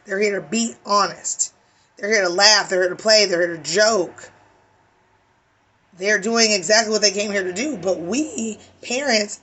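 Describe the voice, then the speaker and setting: A woman's voice: mid-range voice, a bit bright. A woman with a weary voice giving an emphatic, preachy spiritual tarot reading, swearing casually. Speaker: tarot reader.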